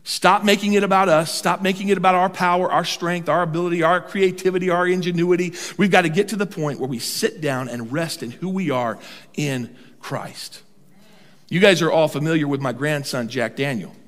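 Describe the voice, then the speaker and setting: An older man preaching a sermon as pastor, animated and humorous, drawing out key words for emphasis. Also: a little high, moderate pace. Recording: long hall reverb.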